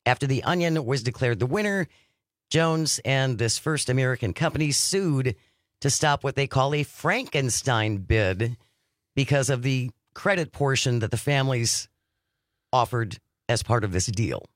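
A man co-hosting a news-discussion podcast, working through stories by reading them aloud and then adding his own remarks. His voice sits at a middle pitch for a man and sounds close and dry, with no room around it. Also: expressive, moderate pace, no echo. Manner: reads news items aloud with occasional commentary. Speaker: podcast co-host.

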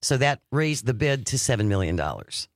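A man's voice: mid-range voice, sing-song, moderate pace, dry recording, clean studio sound. A man co-hosting a podcast, reading news items aloud and adding his own commentary. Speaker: podcast co-host.

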